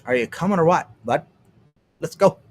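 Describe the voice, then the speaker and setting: A young adult Canadian man streams live, rambling casually in a fairly high, expressive voice at normal speed. He swears often, trails off, and keeps restarting his sentences.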